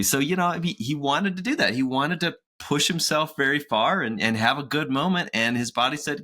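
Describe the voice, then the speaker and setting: A man's voice: on the high side, normal speed, hardly any pauses, sharp tone. A man in his forties, co-hosting a podcast in a chatty, casual way, laughing often and acting out quotes. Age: 40s. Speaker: podcast co-host.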